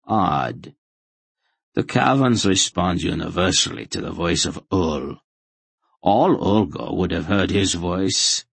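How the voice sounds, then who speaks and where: A mild, dry-witted old ruler of a cavern people, gently skeptical, as an audiobook narrator puts him on. The voice is low and husky, recorded very dry. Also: male voice, animated, slow, exaggerated voice. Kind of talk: audiobook character voice.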